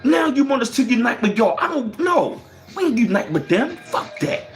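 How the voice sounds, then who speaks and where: A man ranting on a livestream, his pitch leaping up and down with every rhetorical question. He swears freely, answers viewer comments and hammers each point home. Faint music plays behind him. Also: very animated, moderate pace. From United States. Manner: profane and emphatic, firing off rhetorical questions; reads out viewer chat comments. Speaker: livestream host.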